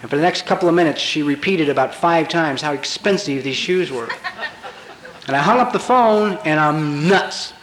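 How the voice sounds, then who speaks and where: Brief: man, 50s, high pitch, confessional recovery speaker, wry and blunt, echoey convention-hall tape. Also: expressive, moderate pace, a bit bright. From Colorado, USA. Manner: blunt, wry and emphatic, swearing for punch. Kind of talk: comic confessional storytelling speech. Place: large convention hall with audience.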